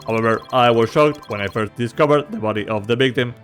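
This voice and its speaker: A man voicing a curt bomb-disposal expert who speaks in a flat, clipped, robotic way. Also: medium pitch, fast talker, soft background music, lightly acted.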